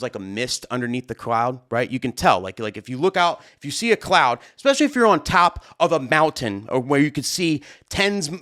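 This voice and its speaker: A man, a wedding DJ, telling a story to camera in a rambling, excitable way, full of fillers and "right?" tags. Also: a little high.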